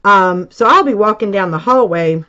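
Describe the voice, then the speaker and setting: A woman and high school teacher chatting casually as she tells a story from her childhood, rambling and full of filler words. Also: lively intonation, normal speed, sharp tone. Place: home crafting space. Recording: dull lo-fi recording.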